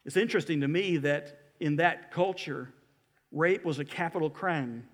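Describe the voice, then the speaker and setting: A man preaching a sermon in a church, telling a story in an animated, emphatic way. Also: fairly high pitch, moderate pace, long reverb tail. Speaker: pastor. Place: church building.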